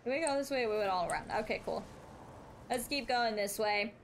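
Animated young woman streaming a game. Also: fairly high pitch, a little fast, slight background noise. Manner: animated, swearing, reads game text aloud. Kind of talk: live gameplay commentary.

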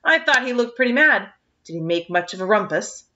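A woman's voice: medium pitch, sing-song, brisk, pushed and bright. A woman reading aloud voices a nosy older village woman who gossips in a disapproving way, recorded on a dull lo-fi track. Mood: gossipy.

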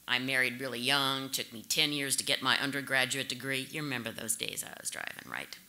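American woman, 50s, conference speaker; anecdotal and conversational, crisp bright timbre. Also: very deep voice, brisk. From St. Louis, USA. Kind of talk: conference speech.

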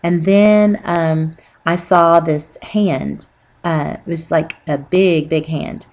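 A woman telling an earnest, rambling personal religious testimony with many pauses and fillers. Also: sits low, steady tone, darkish tone. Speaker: Christian testimony speaker.

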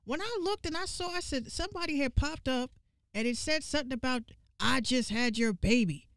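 A woman giving casual gaming commentary, ranting in an animated, profane and exasperated way and repeating lines for emphasis. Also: high voice, a little fast, dry recording, clean studio sound.

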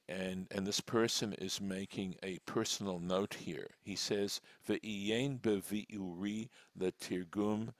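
Reading each line aloud before translating and explaining it, a rabbi patiently teaches a slow, methodical text study. His fairly low voice is deliberate and full of fillers and restarts, captured in a dry recording.

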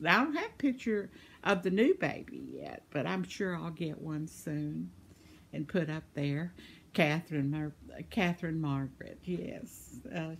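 Older woman vlogger, husky and unhurried, chatty, laughs a lot. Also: medium pitch. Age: 70s. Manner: chatty, laughs often, warmly talkative. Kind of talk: casual chat reading viewer comments.

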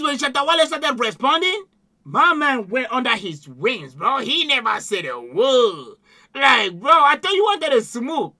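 A man hosting a music reaction video, talking loudly and excitedly in slangy, shouted commentary. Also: very high voice. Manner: loud, shouting, laughing, slangy. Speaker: YouTube music reaction host.

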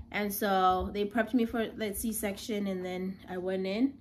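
A woman's voice: mid-range voice, fairly even intonation, a little slow, hardly any pauses, darkish tone, slight background noise. Chatty young woman telling her story. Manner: chatty, many filler words. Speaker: new mother. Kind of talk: casual personal storytelling.

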